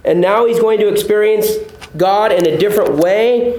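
A male pastor teaching a sermon with a fairly high voice. He works through the text patiently, repeating his points and asking his listeners questions. The room around him rings with echo. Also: normal speed, darkish tone. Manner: explanatory, repeats points, asks the audience questions.

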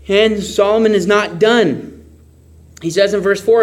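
A man preaching a sermon, expressive, acting out shouts and whispers. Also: high-pitched, a little slow.

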